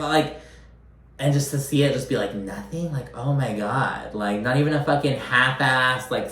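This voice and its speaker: A man giving a casual, animated recap, swearing often and acting out quotes in mocking voices. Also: medium pitch, roomy sound. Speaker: recap commentator. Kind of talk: casual reality-show recap.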